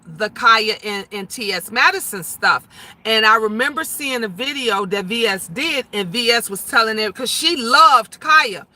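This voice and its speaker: A woman in her fifties talking loudly and emphatically on a casual livestream, chatting and answering viewer comments. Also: on the high side. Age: 50s. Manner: loud, emphatic talker who gets louder when emotional.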